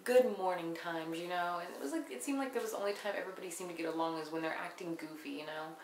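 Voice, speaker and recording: Young woman, low-ish voice, sarcastic profane recapper, echoey room, faint noise behind. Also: fast. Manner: profane, blunt, sarcastic, mimics people she quotes. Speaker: reality TV recapper. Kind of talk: casual episode recap. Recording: roomy with faint background noise.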